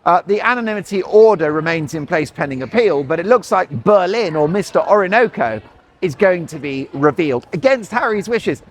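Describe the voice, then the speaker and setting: A man's voice: high voice, lively intonation, a little fast, a little hiss or hum. A man in his forties, a talk show host rambling in chatty, sarcastic commentary, recorded outdoors. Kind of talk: opinionated commentary.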